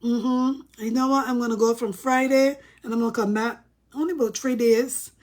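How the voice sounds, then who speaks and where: A woman's voice: on the high side, fairly even intonation, normal speed, a little mellow. Chatty Bajan woman telling stories. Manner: chatty, laughs often, addresses viewers as guys. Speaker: vlogger. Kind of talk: casual storytelling to camera.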